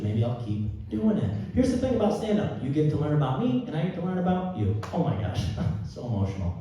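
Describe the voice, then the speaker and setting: A man performing a live stand-up set of deadpan one-liners, now and then jumping into high-pitched outbursts. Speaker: stand-up comedian. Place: theater stage before a live audience. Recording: roomy hall audio from a distance with crowd. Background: audience laughter.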